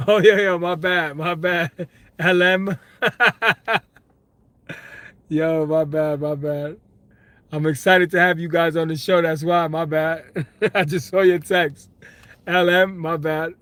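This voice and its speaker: Brief: young New male streamer, slangy, laughs a lot, fairly high voice. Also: a little slow, dry recording. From Brooklyn, New York. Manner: excitable, laughs often, slangy, talks to chat. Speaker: livestream host. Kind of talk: casual live stream chat, reading comments.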